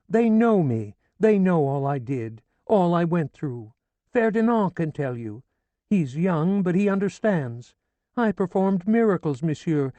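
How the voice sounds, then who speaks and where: A grieving, indignant old woman, put on by a male narrator in a high, mellow voice. She laments and then berates with fierce scorn, in a close, dry audiobook read. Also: no echo. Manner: wailing, then scolding and indignant. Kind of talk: audiobook character reading.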